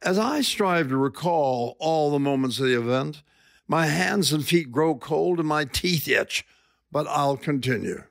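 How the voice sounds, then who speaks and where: A man's voice: on the high side, lively intonation, unhurried, vocal fry, dry recording, studio quality. An older man reading his own column aloud as wry, dramatic personal storytelling.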